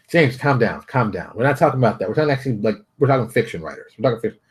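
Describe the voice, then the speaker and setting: Blunt, animated man ranting. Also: very fast. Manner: blunt, animated ranting with big pitch jumps. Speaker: host. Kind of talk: casual solo vlog commentary. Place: home office.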